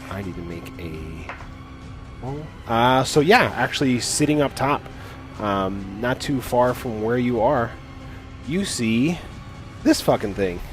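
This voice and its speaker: A man's voice: medium pitch, very animated, slow, long pauses, faint music behind. A man narrating as dungeon master in casual, hesitant talk full of fillers. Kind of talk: narrating a tabletop game.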